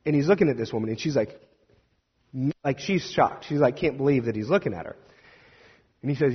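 A Presbyterian minister telling a story in a sermon, animated and acting out what others said, with hesitant restarts. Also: male voice, medium pitch, a little fast, breathy edge. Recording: distant reverberant hall, dull lo-fi sound.

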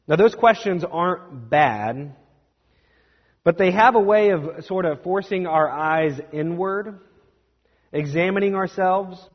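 A young man preaching a sermon as a pastor, conversational and self-deprecating, with quick asides. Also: sits high, in a large hall, lo-fi sound.

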